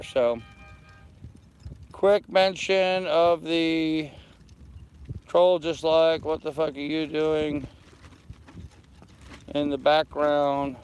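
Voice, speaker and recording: A man's voice: on the high side, smooth. An older man on a live stream from his anchored sailboat, talking to viewers through a handheld phone and answering their comments one by one. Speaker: sailing vlogger. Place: aboard a small anchored sailboat outdoors. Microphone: phone held in hand.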